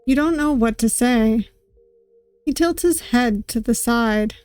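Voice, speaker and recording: Unhurried woman streamer reading a game. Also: a little high, darkish tone, clear, resonant tone, no room sound, faint music behind. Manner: casual, wry asides between narration. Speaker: VTuber gaming streamer. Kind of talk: reading a visual novel game aloud.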